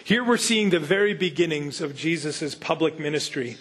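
A man's voice: a little high, lively intonation, normal speed, a bit bright. A pastor reading a gospel passage aloud and then teaching on it, earnest and conversational, putting direct questions to his listeners. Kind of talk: Bible reading and sermon teaching.

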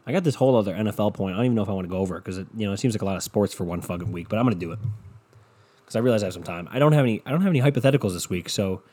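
A man's voice: on the low side, animated, rapid-fire, dark tone, breathy edge. A man hosting a casual solo podcast, rambling and swearing, with a runny nose. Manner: rambling, profane, self-deprecating. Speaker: podcast host. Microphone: podcast microphone.

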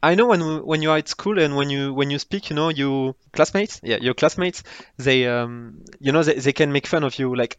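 A man from France with a French accent, chatting casually on a podcast with halting restarts. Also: mid-range voice, clear, resonant tone, dry recording, muffled recording. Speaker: podcast co-host. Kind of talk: casual chat.

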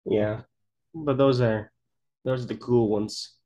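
A man's voice: mid-range voice, fairly even intonation, slow pace, mellow. A man chiming in on a casual sports podcast with laid-back, offhand remarks.

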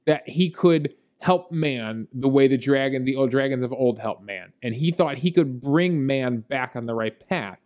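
A man's voice: mid-range voice, unhurried, few pauses, darkish tone. A man co-hosting a podcast, chatting casually about a movie with lots of fillers and laughs. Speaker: podcast co-host. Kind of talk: casual movie review chat.

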